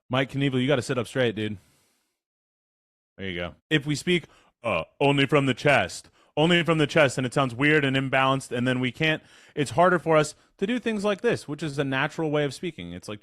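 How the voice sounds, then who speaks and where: Guy running a voice workshop over video call, mid pitch, dry close sound, chatty and energetic. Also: fast talker, dry recording. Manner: energetic, chatty, demonstrates with his voice. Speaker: voice coach leading a workshop. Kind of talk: casual instructional talk. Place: online call.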